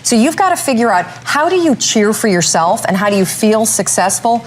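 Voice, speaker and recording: A middle-aged woman in an interview answers with emphatic, upbeat advice. Her pitch swings widely, and faint room noise sits behind her. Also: a little fast. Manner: animated, emphatic, advice-giving. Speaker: guest.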